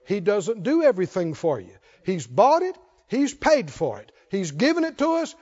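A male pastor preaches with a high-pitched voice, trading call and response with his congregation. He swings from quiet reasoning to loud cries. The recording is dull and muffled. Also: big pitch swings, normal speed, in a large hall. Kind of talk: sermon.

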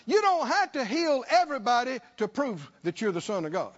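A man's voice: very high voice, very animated, fairly quick. A man preaching a sermon, driving points home with repetition, rhetorical questions and calls for the congregation to answer. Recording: dull lo-fi sermon recording.

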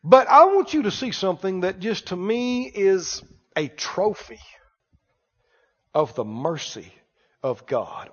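A man with a high voice preaches to his congregation, calling out questions and pressing his points hard. His voice rings through a long church reverb. The recording sounds muffled and dull. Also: husky. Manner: call-and-response preaching, rising to loud emphatic lines. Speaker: pastor. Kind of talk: sermon.

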